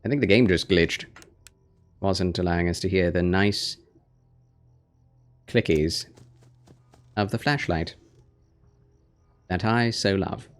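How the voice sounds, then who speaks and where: A tired young man gently chatting with viewers while streaming a game, soft-spoken and reading chat. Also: low voice, takes it slowly, pauses often, soft background music. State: fatigued. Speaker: gaming streamer. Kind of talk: live gaming stream chat.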